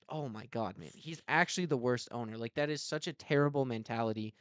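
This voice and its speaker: A man's voice: medium pitch, fairly quick, few pauses, clean tone, dry recording. A man co-hosting a sports podcast, ranting in exasperation about a team owner in casual talk. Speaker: podcast co-host.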